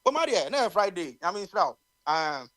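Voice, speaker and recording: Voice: medium pitch, sing-song, normal speed, fairly bright tone, no echo. A radio talk show commentator with a Ghanaian accent, speaking heatedly with many stammered restarts. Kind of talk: impassioned call-in radio commentary.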